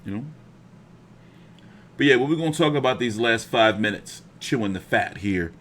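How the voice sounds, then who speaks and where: A man's voice: medium pitch, moderate pace. A young man hosting a boxing live stream, telling stories in casual, profane slang. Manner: profane, animated storytelling with slang.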